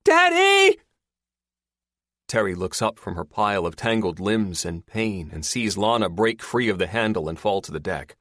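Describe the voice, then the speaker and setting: Low-voiced male audiobook narrator. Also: moderate pace, hardly any pauses, no echo, clean studio sound. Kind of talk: scripted narration.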